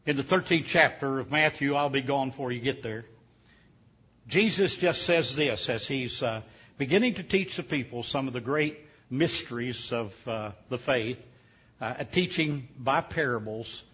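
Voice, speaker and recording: A man's voice: mid-range voice, moderate pace, fairly bright tone, slightly rough. A man preaching a sermon, telling a folksy, humorous story with many hesitations. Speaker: pastor. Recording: dull lo-fi sound.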